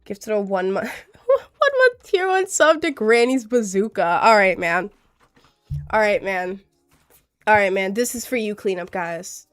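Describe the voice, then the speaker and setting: A woman's voice: mid-range voice, sing-song, measured pace. A young woman streaming live with a cold, chatting in a rambling, giggly way and reading out chat. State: has a cold.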